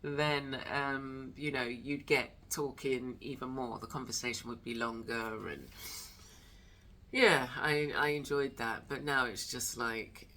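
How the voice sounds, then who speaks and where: With an extremely low, sharp-toned voice and a slightly slow pace, a woman rambles on her own arts and wellness channel. Holding the camera, she walks from her home studio out to the garden, chatting with lots of fillers and unfinished thoughts.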